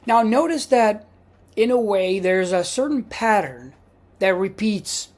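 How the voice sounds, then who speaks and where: Slow, patient Italian-accented male teacher. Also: high voice, lively intonation. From Italy. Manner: slow, patient, repeats words for practice; frequent hesitations with uh. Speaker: language teacher. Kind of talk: video lesson.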